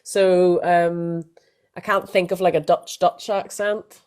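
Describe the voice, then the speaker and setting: A woman's voice: lowish voice, flat delivery, slow pace, a little mellow. A woman co-hosting a casual women's football podcast, chatting with plenty of fillers and restarts. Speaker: podcast co-host.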